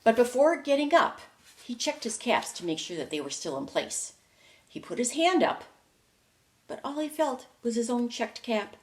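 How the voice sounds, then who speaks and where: A woman teacher reading a storybook aloud to young children, slow and playful with lots of expression. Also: a little high, sing-song, slight background noise. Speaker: preschool teacher.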